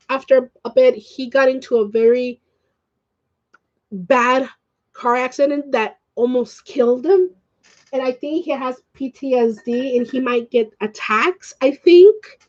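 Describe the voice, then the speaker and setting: A woman's voice: sits high, darkish tone, highs cut off. A woman vlogger ranting to the camera at home, upset and swearing, slipping in Spanish phrases. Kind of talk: emotional rant to camera.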